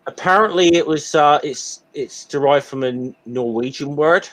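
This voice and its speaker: A man's voice: on the high side, moderate pace, a bit bright. Hesitant man chatting on a call. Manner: hesitant, many ums and restarts. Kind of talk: casual group chat on a stream. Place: Hampshire home, voice call.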